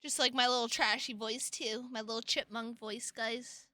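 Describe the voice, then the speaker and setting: A woman's voice: a little high, steady tone, moderate pace, hardly any pauses, pushed and bright, slight background noise. A young woman streamer chatting playfully with her audience, dramatic and full of swearing. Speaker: VTuber streamer. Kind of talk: casual live-stream chat.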